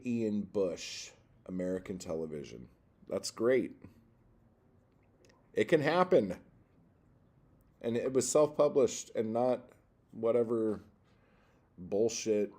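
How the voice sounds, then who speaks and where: The host of a poetry livestream swears and rants in exasperation, his volume jumping from loud eruptions to low grumbling.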